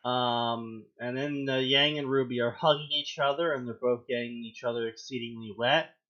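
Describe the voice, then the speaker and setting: A man hosting a fanfiction reading show, reading aloud with mocking commentary and acting out quoted lines in loud, high outbursts. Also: fairly even intonation, moderate pace, lo-fi sound.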